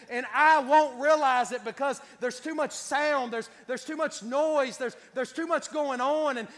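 A man's voice: extremely high pitch, a bit bright. A man preaching a sermon as pastor, repeating words and restarting phrases as he builds his cadence. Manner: repetitive stammering restarts, rising to a preacher's cadence. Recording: long hall reverb.

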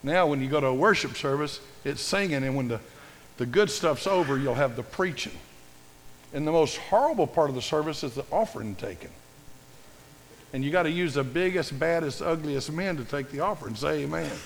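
A fairly high-voiced man preaching with emphatic, surging delivery. His voice carries through a church sanctuary with a long, ringing reverb. He swells to loud, passionate readings of scripture. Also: animated, fairly quick, vocal fry, a little hiss or hum. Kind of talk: sermon.

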